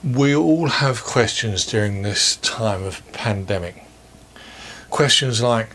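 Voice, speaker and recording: A man's voice: mid-range voice, fairly bright tone. Earnest male preacher, faint hiss. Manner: measured, earnest preaching with rhetorical questions. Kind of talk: sermon. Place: church or home, recorded for online worship.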